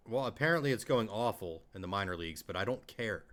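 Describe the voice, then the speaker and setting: A man's voice: lowish voice, expressive, fast talker, a bit bright. A man co-hosting a casual live stream, dry and exasperated as he reacts to a game. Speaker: podcast co-host. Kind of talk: casual live-stream chat about baseball.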